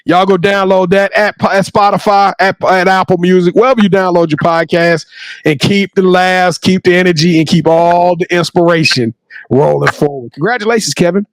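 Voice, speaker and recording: Male sports podcast host, very high voice with grit, loud and emphatic. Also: steady tone, moderate pace, no room sound. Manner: hype, emphatic, often shouting praise. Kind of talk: energetic sports show sign-off.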